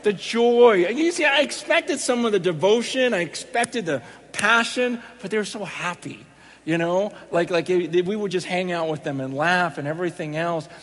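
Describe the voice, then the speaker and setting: A man's voice: high-pitched, normal speed, a bit bright. A middle-aged man preaching to a live audience, telling a story and acting out the dialogue with animation. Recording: reverberant hall with faint background noise.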